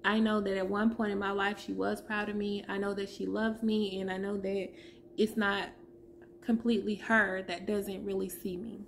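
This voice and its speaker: A woman in her thirties giving a heartfelt personal testimony as a vlogger, pausing to search for her words. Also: mid-range voice, little pitch movement, creaky, a little hiss or hum.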